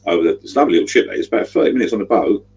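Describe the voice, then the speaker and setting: Deep husky bloke rambling on his livestream, middle-aged. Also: rapid-fire, darkish tone, highs cut off, soft background music. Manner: rambling, chatty, gives directions. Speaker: livestream host. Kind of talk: casual livestream chat.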